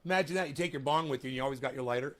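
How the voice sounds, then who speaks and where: A man vlogging casually, profane and ranting, his voice jumping from shouted insults to low mumbles, and he coughs now and then. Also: very fast. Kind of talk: casual vlog talk.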